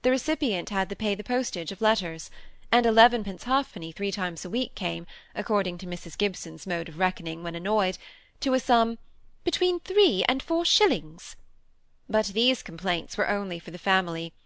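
A woman narrating a classic novel in a measured, even storytelling manner. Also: mid-range voice, clean tone, no room sound. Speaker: audiobook reader. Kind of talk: scripted narration.

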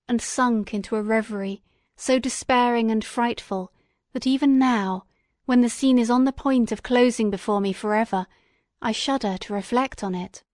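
A woman reading a classic novel aloud as an audiobook, in a measured, expressive and dramatic way. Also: a little high, dry recording, studio quality. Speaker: audiobook reader.

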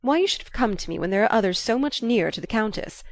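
A woman voicing a proud, irritable gentleman who speaks with irony and bluster. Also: mid-range voice, normal speed, no room sound, clean studio sound, lightly acted. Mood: bristling. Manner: ironic, blustering.

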